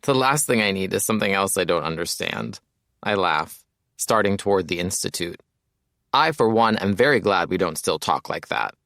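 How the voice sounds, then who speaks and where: A man reads an audiobook in the first person with a casual, wry way of telling the story. His voice sits somewhat low, and the recording is close and dry with no room sound. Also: expressive, moderate pace, vocal fry, a bit bright, no echo. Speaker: audiobook narrator.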